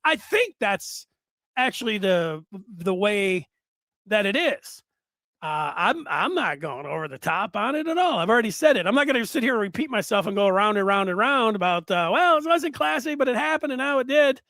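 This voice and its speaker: A man hosting a solo sports talk show, rambling and animated with many fillers and restarts. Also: high voice, normal speed, dry recording, clean studio sound.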